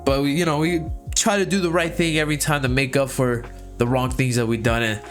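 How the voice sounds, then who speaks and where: A young man telling a story in a casual vlog, profane, excitable and rambling. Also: mid-range voice, brisk, faint music behind. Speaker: vlogger.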